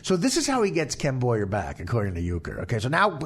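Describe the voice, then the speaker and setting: A man's voice: mid-range voice, fairly quick, breathy edge. A man telling a story in casual, profane talk, with lots of laughing and swearing. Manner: profane, animated, laughing as he tells it. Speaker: podcast host telling a story.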